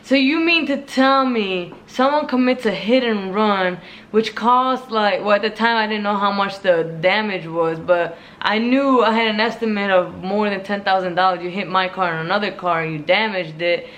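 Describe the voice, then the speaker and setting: A vlogger telling a casual storytime rant in an exasperated, animated way, full of fillers and quoted back-and-forth. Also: medium pitch, normal speed.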